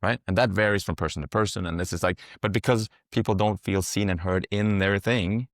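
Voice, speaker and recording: Fast-talking man rambling in metaphors. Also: lowish voice, fairly even intonation, no room sound, clean studio sound. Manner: rambling, explains through metaphors; swears freely. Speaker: psychedelic guide. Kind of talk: casual podcast conversation.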